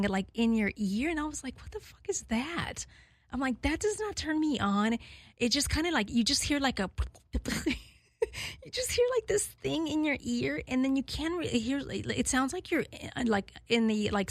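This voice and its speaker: A woman's voice: fairly high pitch, no room sound, clean studio sound. A woman in her forties hosting a radio talk show, chatting candidly and rambling with many fillers and frequent laughter. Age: 40s. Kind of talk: casual chat to listeners.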